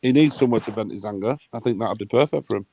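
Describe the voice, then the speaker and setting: A man's voice: fairly low pitch, rapid-fire, creaky, warm tone, a little hiss or hum. Sweary man ranting. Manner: heated, sweary, blunt. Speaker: livestream host. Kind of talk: ranting livestream chat.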